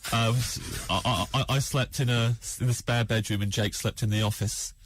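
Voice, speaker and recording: Deadpan, stammering comedian telling a story. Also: male voice, mid-range voice, moderate pace. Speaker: comedian guest. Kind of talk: anecdote on a comedy podcast.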